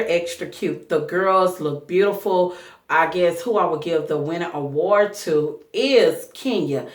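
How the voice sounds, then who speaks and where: A woman's voice: fairly low pitch, echoey room, recorded from a distance. A woman giving a casual, gossipy recap of a reality show, talking candidly with a choked-up throat. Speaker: reality TV reviewer.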